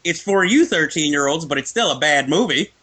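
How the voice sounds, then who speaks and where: A man's voice: a little high, expressive, fairly quick, sharp tone, breathy edge. A man chatting casually about films, opinionated and laughing often. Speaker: guest film reviewer. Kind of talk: casual film chat.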